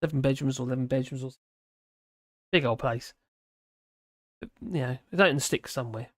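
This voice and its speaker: A man's voice: medium pitch, a little fast, fairly bright tone, dry recording, studio quality. A tired man hosting a livestream, rambling casually through viewer chat and slurring his words a little. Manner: rambling, with frequent restarts and fillers.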